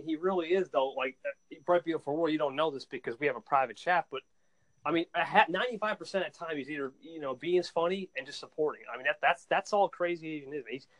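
A young man chatting excitedly on a podcast, laughing and repeating words as he tells stories. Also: on the high side, fast, low-quality recording. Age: young adult. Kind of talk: casual chat.

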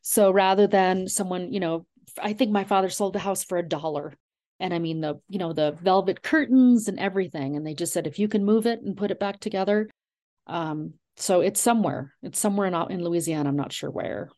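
A middle-aged woman, an author being interviewed, telling family memories in a warm, digressive way with many fillers. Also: lowish voice, a little fast. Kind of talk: reflective storytelling.

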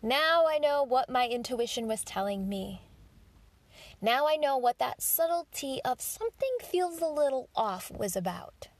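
A woman's voice: sits high, lively intonation, measured pace, no echo. A woman hosting a podcast, telling a personal story in a candid monologue, swearing freely and acting out her own inner thoughts. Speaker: podcast host.

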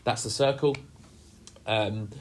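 A man's voice: lowish voice, fairly even intonation, slow, slight background noise. A man leading a youth group chat on a video call, jokey and rambling with lots of fillers.

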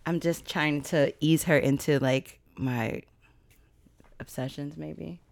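A woman's voice: low-pitched, fairly even intonation, slow pace, creaky. A woman co-hosting a podcast, talking frankly in casual chat, teasing and often laughing. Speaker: podcast co-host.

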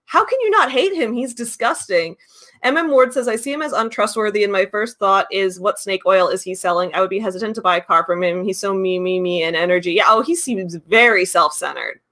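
A woman's voice: medium pitch, a little fast, pushed and bright. A woman hosting a reaction video, commenting bluntly and indignantly with swearing on a clip.

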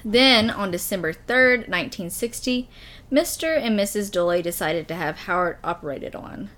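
A woman's voice: medium pitch, normal speed, fairly bright tone. A woman hosting a podcast, telling a true story in casual chat and laughing often. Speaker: podcast host reading a story.

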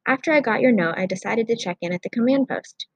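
Woman narrator as a gentle father, calm and reassuring, dry husky read. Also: fairly high pitch, quick pace, no echo, low-quality recording. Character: kind middle-aged father, a police officer. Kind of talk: audiobook character voice.

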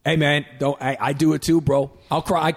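High gravelly man ranting bluntly. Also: flat delivery, normal speed. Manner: blunt, profane, ranting, mocking voices. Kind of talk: casual chat.

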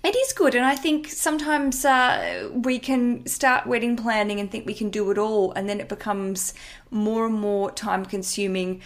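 A woman hosting a podcast in a relaxed, chatty way. She jokes at her own expense and swears now and then without fuss. Her voice sits at a middling pitch. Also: normal speed. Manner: chatty, self-mocking, swears casually. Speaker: podcast host. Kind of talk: casual chat.

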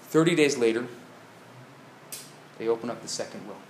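A man, a rabbi, telling a story in a live lecture, swinging from hushed tones to loud bursts. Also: mid-range voice, lively intonation, moderate pace, slight background noise. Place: synagogue lecture hall, live audience. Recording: echoey live room with faint ambience.

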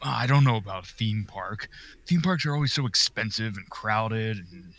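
A man's voice: fairly low pitch, normal speed, a bit bright, lightly acted. A man playing a harried middle-aged father on a family vacation, chatty and easily exasperated, in a comedic horror audio skit.

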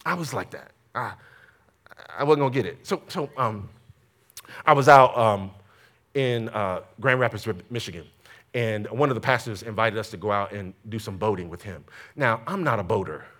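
A man preaching a sermon, telling a story with lively energy and calling on the congregation for amens. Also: lowish voice, moderate pace. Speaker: pastor.

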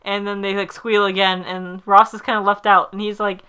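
Chatty and rambling, full of fillers, she retells a sitcom episode and performs the characters' quotes herself. Her medium-pitched voice is bright, forceful, clear and resonant, with little pitch movement and a moderate pace.

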